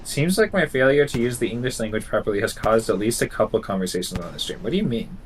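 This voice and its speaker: A man's voice: medium pitch, lively intonation, quick pace. A man streaming a game live, chatting casually and rambling, correcting himself as he goes.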